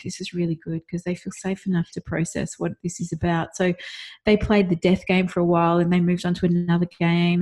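A middle-aged woman talks through a family story in relaxed conversation, reflective and quick to laugh. Her voice sits low and sounds husky and breathy. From Australia. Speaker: podcast co-host. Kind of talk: casual chat.

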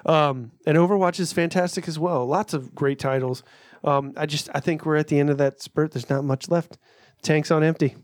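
A man's voice: fairly high pitch, steady tone, moderate pace, dry recording, studio quality. A man co-hosting a casual podcast chat, rambling, cursing freely and laughing often. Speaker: podcast co-host.

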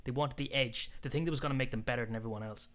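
A fast-talking man co-hosting a sports podcast, chatty and animated in a loose, conversational way. His voice sits at an ordinary middle pitch and he rattles through his points quickly. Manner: chatty, tells jokes with put-on voices. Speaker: podcast co-host. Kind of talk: casual sports chat.

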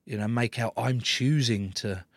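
A man's voice: mid-range voice, a little slow, dry recording. An English man from England, an interview guest in casual chat, telling stories in a laid-back, joking way with some swearing.

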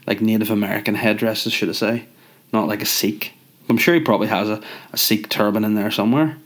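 A young man rambles through a jokey, sweary rant. His voice sits a little low and sounds stuffy from a cold. He talks loosely and casually, like he is chatting to camera. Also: fairly even intonation, brisk.

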